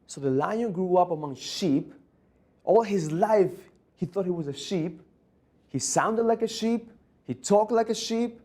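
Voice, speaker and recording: A man's voice: high voice, animated, a little slow, warm tone. A man giving a motivational conference keynote, telling stories emphatically. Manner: emphatic storytelling. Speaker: motivational speaker.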